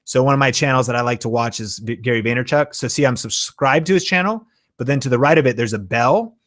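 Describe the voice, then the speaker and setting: A man hosting a live-stream Q and A, talking with excitable enthusiasm and plenty of fillers. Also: medium pitch, fast talker. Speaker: YouTube channel host.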